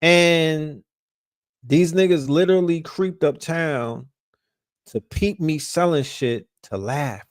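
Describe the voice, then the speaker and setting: Profane New York storyteller, fairly high voice. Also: male voice, slow pace, no room sound, studio quality. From Brooklyn, New York. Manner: profane, animated, repeats and restarts words. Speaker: podcast host. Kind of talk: casual storytelling.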